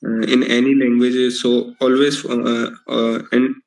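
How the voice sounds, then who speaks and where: A man's voice: mid-range voice, level tone, unhurried, gravelly, darkish tone, rough recording. A man with an Indian accent, a student giving a practice talk in English, hesitant with many fillers. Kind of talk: classroom speaking practice.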